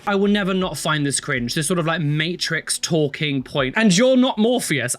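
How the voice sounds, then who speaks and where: A man with a voice pitched a little above most men's reacts to clips in loose, animated commentary. He sounds exasperated and rambles through fillers as he talks. A tattoo artist giving his casual take. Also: fairly quick, hardly any pauses.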